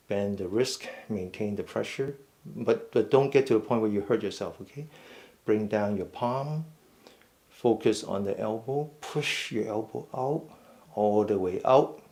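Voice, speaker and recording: A man leading a mindful fitness class, giving slow, step-by-step stretching cues and often checking in with "okay?". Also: fairly low pitch, a little mellow. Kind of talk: guided stretching instruction.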